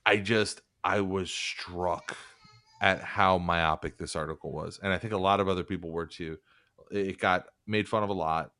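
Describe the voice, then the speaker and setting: Man, very low voice, dry close sound, casual profane podcast chat, sardonic rambling. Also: steady tone, normal speed, pushed and bright, no echo.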